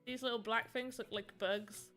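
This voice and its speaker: Chatty British woman, bright voice. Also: on the high side, fairly even intonation, moderate pace, soft background music. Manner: chatty, rambling, reads and answers chat. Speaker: livestreamer making voxel art. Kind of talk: casual livestream chat.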